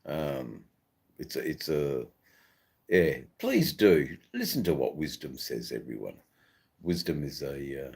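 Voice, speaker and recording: A middle-aged Australian man with a broad Australian accent hosts his own live stream, reading out viewer comments as they come in. His voice sits extremely low, and he talks at an unhurried, slow pace. His chat rambles loosely, filled with ums and false starts. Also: breathy edge. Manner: rambling, relaxed, many ums and restarts. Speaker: livestream host.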